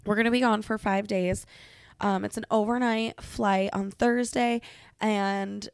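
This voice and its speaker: A young woman with a mid-range, clean-toned voice speaks unhurriedly with fairly even intonation on a dry, studio-quality recording. The podcast host is sick and congested, venting alone in her bedroom in a casual, profane, rambling, self-mocking way.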